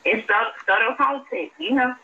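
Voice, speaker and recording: A woman calling in to a show, calm and persistent, pressing the host with pointed questions. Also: a little high, moderate pace, dull audio. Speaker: caller.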